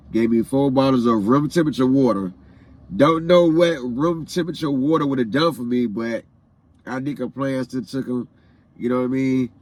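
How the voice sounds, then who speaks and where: A man's voice: medium pitch, a little mellow. Grieving man retelling a hard day. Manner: repetitive, heartfelt retelling with phrases said again and again; emotional, grieving. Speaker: vlogger. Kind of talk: personal storytelling vlog.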